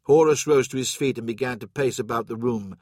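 A man narrating an audiobook in a steady, even storytelling manner. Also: medium pitch, fairly quick, no room sound, studio quality. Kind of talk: scripted narration.

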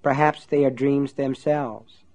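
A man reading aloud and voicing a sinister male shopkeeper who speaks in a smooth, amused, reproving way. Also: medium pitch, expressive, moderate pace, close to an everyday voice. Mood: musing, sly.

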